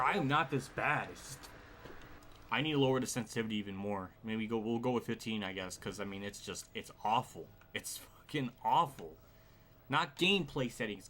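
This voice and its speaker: A man's voice: mid-range voice, fairly bright tone, a little hiss or hum. A male streamer giving live gameplay commentary, frustrated, swearing and sighing often.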